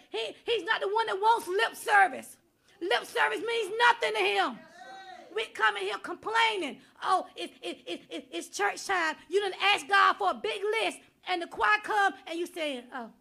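A woman preacher with a very high voice, bright and gravelly at once. She drives the sermon hard, hammering the same questions home again and again. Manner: impassioned preaching, repeating rhetorical questions. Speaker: guest preacher.

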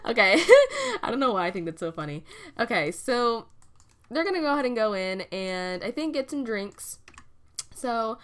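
A woman's voice: fairly high pitch, sing-song, a little slow. A young woman casually commenting on a video game as she plays, chatty and giggly, often laughing at what happens on screen. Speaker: gaming video host. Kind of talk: casual let's-play commentary.

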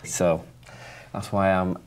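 A man's voice: low voice, flat delivery, slow, clean tone. A man, a primary school teacher talking to his class and a colleague in a chatty, self-deprecating way. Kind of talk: classroom talk and staff chat.

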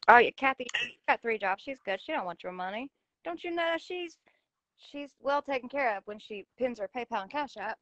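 A woman's voice: fairly high pitch, lively intonation, brisk, a bit bright, dry recording. A woman in a live chat, adding sarcastic asides and backing up the others. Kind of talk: casual heated chat.

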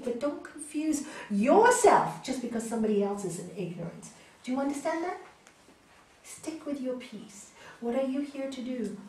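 A woman yoga teacher giving a gentle, emphatic spiritual talk and telling stories with acted voices, recorded in a hall. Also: a little high, recorded from a distance. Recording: echoey hall, voice from off-mic.

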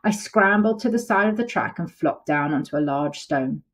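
A woman reading a picture book aloud to children as a storyteller, lively and pointing out the pictures. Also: low-pitched, moderate pace. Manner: lively, gives characters voices, points out pictures.

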